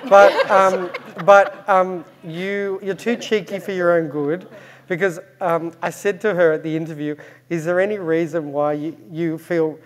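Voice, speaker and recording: A man's voice: a little high, darkish tone. Cheeky Australian man telling stories. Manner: cheeky, self-deprecating, laughs at his own stories, many "um"s. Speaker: gallery director speaking at an arts event. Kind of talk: anecdotal storytelling to an audience. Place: event space with a live audience.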